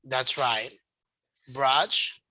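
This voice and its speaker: A man teaching an English lesson online, slow and patient, explaining step by step. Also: mid-range voice, a crowd in the background, rough recording.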